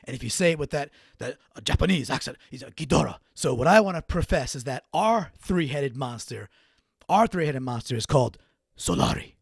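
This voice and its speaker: A man's voice: mid-range voice, animated, brisk, breathy edge, dry recording, studio quality. A man hosting a solo sports recap podcast, talking in a casual, rambling way with restarts. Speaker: podcast host.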